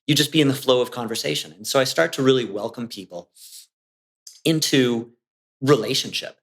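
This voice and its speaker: Man, podcast guest, casual chat, animated, acts out quotes, mid-pitched voice. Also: fairly quick. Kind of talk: casual conversation.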